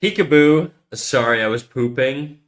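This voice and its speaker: A man streaming while he draws, chatting casually and teasing, dropping into quiet mumbled asides between jokes. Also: mid-range voice, lively intonation, normal speed. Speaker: livestreaming artist.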